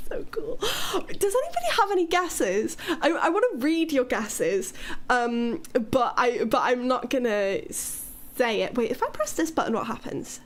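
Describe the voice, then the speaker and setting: A woman from Wales with a British accent, chatting casually on a live stream, bubbly and swearing freely while reading chat aloud. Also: high-pitched.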